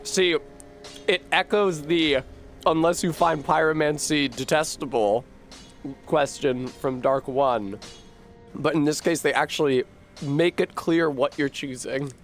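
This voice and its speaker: A man's voice: fairly high pitch, steady tone, a little slow, faint music behind. A man streaming a video game, with casual commentary full of profane, sarcastic outbursts.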